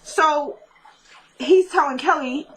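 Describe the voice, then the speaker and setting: A woman vlogger with a high-pitched, fairly bright voice speaks slowly as she casually retells a TV episode. She laughs often and throws asides straight at her viewers, and the recording is rough.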